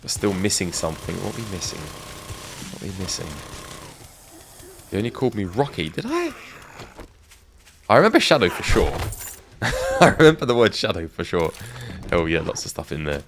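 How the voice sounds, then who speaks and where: Brief: middle-aged English male streamer, low gravelly voice, lively ups and downs, game noise behind. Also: brisk. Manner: chatty, reminiscing with chat, laughs often. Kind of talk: casual live-stream chat.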